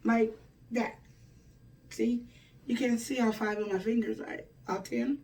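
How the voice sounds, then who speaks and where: A woman's voice: fairly high pitch, steady tone, unhurried, a little mellow, distant mic, slight background noise. A woman hosting a relationship advice show, talking in a folksy, preachy way and acting out the quoted lines. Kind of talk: casual advice monologue.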